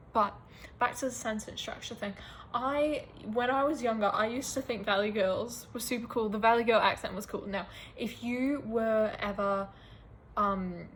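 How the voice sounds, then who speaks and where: A young woman with an Australian accent, ranting casually to camera in a rambling, animated, self-mocking way. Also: on the high side, a little hiss or hum, rough recording. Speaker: vlogger.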